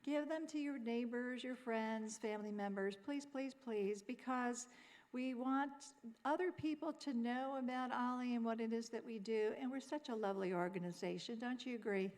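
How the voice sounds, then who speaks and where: A woman hosts an event, chatty and pleading with the audience. Her voice sits a little high, and it rings out with a long reverb across the hall. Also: moderate pace, a little mellow. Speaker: event host. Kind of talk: announcements at a showcase. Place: auditorium stage.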